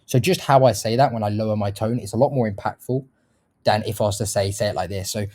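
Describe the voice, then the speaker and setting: A man with a lowish, warm, mellow voice teaching sales in a casual way. He talks bluntly, swears freely and shows each point by switching his tone. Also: fast talker. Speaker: sales trainer. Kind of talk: casual instructional talk.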